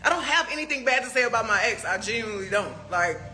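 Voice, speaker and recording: Animated high-voiced woman ranting. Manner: profane, rapid-fire rhetorical questions; animated, with laughing asides. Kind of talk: heated social media rant.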